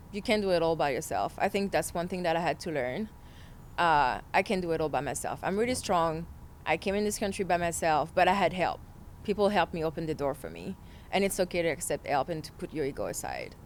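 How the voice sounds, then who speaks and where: A woman's voice: mid-range voice, slight background noise. A young woman from France with a French accent, a guest in a casual interview, talking animatedly and switching between English and French.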